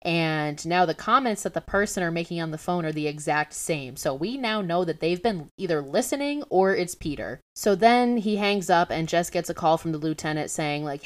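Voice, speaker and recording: Low-voiced woman recapping a film. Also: normal speed. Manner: animated, profane, sarcastic storytelling. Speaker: podcast host.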